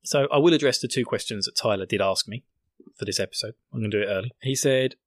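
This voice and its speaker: A man's voice: medium pitch, fast, no room sound. A young British man hosting a podcast, recapping an episode in a jokey, sarcastic, rambling way. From Britain. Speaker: podcast host.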